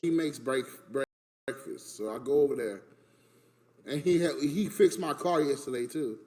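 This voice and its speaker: A man telling a story about his family in an animated, emphatic way. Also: mid-range voice, moderate pace. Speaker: streamer in a played clip. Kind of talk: casual storytelling rant.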